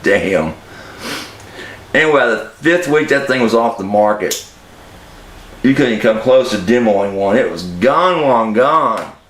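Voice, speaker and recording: A man's voice: on the low side, expressive, a little slow, pauses often, a bit bright. Chatty man in a roomy echo. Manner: folksy, chatty, many fillers and laughs. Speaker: gear reviewer. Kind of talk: casual vlog.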